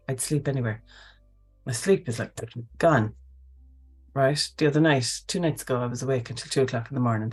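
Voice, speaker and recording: A woman, hosting a casual live talk in an animated, chatty way, often tagging on okay and right. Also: extremely low pitch, breathy edge. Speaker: host.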